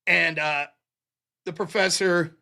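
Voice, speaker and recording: A man's voice: on the high side, steady tone, takes it slowly, vocal fry, pushed and bright. A man hosting a live stream, telling a long, rambling anecdote in casual, profane chat full of fillers. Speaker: host of a live streaming show. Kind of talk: casual storytelling monologue.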